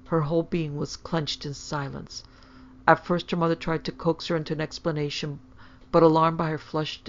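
A woman reads a classic ghost story aloud in a steady, measured way. Her voice has a gravelly, creaky texture. The recording is dull and lo-fi. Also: low-pitched. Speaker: podcast narrator. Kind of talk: scripted storybook narration.

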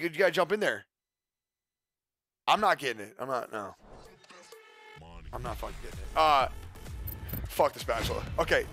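Brief: young male streamer, bright, lively voice, profane, excitable, dry close sound. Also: on the high side, dry recording. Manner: excitable and profane, talks to his chat. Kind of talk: casual livestream chat.

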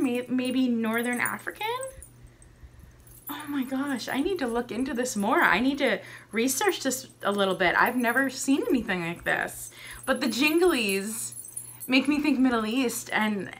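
A woman's voice: a little high, a bit bright, slight background noise. A young woman vlogger unboxing a subscription box, gushing and gasping with delight over each item. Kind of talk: excited unboxing chat.

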